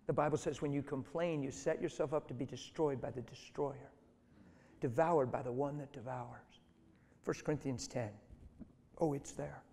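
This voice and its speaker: A man's voice: medium pitch, dark tone. Emphatic preacher man in an echoey hall. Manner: emphatic, exhorting. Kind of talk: sermon.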